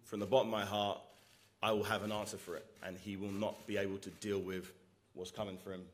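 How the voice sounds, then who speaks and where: A man answers press questions as a boxer, his voice sitting a little on the low side. He talks earnestly and leans on repetition to stress his points. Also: flat delivery, brisk. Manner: earnest, repeats words for emphasis. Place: press conference.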